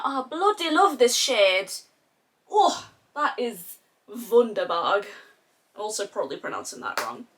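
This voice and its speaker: Chatty Australian woman doing makeup. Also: fairly high pitch. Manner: chatty, animated, slangy with casual swearing. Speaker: beauty vlogger. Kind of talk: casual makeup tutorial chat.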